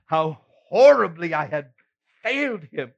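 Here a high-pitched man with vocal fry gives an exaggerated, very animated performance at a little slow pace. He plays the apostle Peter as a remorseful, earnest adult who reproaches himself, telling of his failings in an emotional first-person monologue full of sighs and rueful laughs. The audio is slightly muffled.

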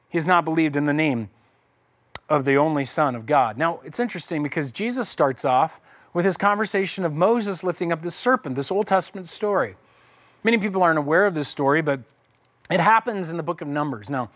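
A man's voice: fairly high pitch, fairly bright tone. A man preaching a conversational sermon as pastor, casually acting out the voices of people in the story.

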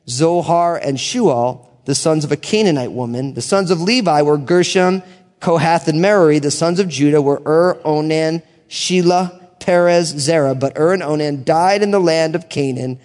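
A man's voice: on the high side, a little mellow. An American man teaching verse by verse from the Bible, reading long name lists and joking casually between passages. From United States. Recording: long hall reverb.

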